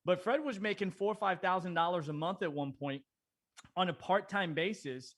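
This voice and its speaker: A man's voice: high-pitched, moderate pace, fairly bright tone. Chatty, teasing man co-hosting. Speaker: guest co-host. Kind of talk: casual podcast interview.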